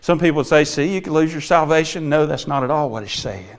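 High-voiced preacher, earnest sermon. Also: male voice, animated, a little fast. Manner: earnest, swings between emphatic and hushed; sings a few hymn lines.

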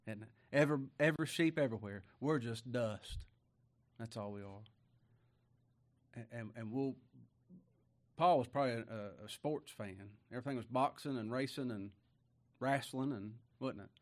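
A pastor preaches a folksy, conversational sermon at medium pitch and normal speed, pausing often. He regularly puts rhetorical questions to the congregation and swings between loud emphasis and quiet asides.

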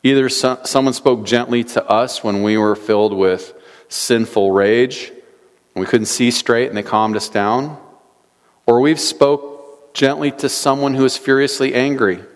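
A pastor in a church sanctuary reads scripture aloud and poses rhetorical questions in an earnest sermon. His medium-pitched voice is fairly even in intonation and a little slow, with long church hall reverb around it.

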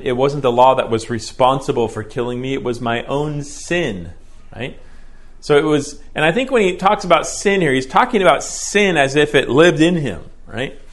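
Male Bible teacher, mid-pitched, explanatory classroom delivery, slows on key phrases. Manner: explanatory, keeps checking in with "right?". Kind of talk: verse-by-verse Bible lecture.

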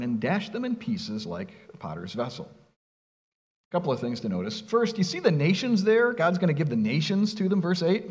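A man's voice: a little high, long reverb tail. A middle-aged man preaching a sermon, earnest and emphatic, asking the congregation rhetorical questions. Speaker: pastor.

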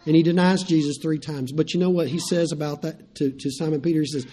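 A man, a pastor, preaching a sermon, swinging from loud emphatic lines to quiet storytelling. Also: on the high side, steady tone, fast, slightly rough.

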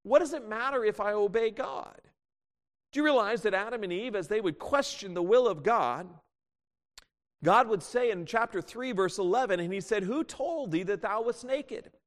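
High-pitched guy preaching, acts out little scenes, echoey big hall. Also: normal speed. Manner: animated, acts out quoted voices. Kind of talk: sermon. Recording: long reverb of a hall.

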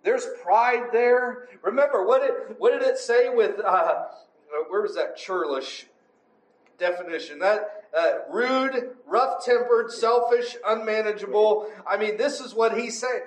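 This preacher has a high voice and a measured pace, teaching the Bible conversationally. Emphatic throughout, he checks for agreement with "right?" and "amen?" while his voice echoes around the room.

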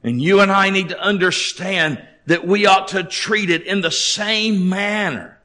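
A man preaching a sermon, emphatic, repeating key phrases, swinging from near-shouts down to low, quiet endings. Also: unhurried.

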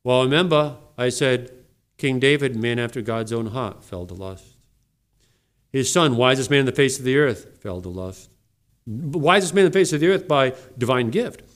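Male pastor preaching in church, mid-pitched voice, lively preaching that jumps from loud to quiet. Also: moderate pace. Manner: animated preaching, swinging from loud emphasis to low mocking asides. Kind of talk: sermon.

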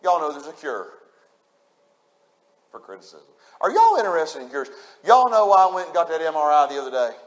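A man's voice: on the high side, big pitch swings, brisk. A man preaching a sermon, repeating his points with emphasis and speaking straight to the congregation. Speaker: pastor.

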